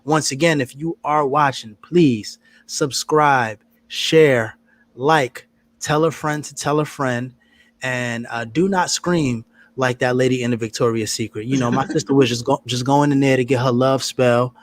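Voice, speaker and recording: A man's voice: mid-range voice, a little slow. A man co-hosting a casual news podcast, talking in a rambling way and repeating words as he goes. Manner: rambling, repeats words, gives shout-outs. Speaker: podcast co-host. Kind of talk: casual chat.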